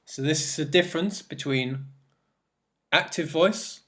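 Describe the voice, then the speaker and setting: A man's voice: fairly high pitch, slow, a bit bright. A man teaching an English grammar lesson in a recorded presentation, explaining step by step and repeating his examples.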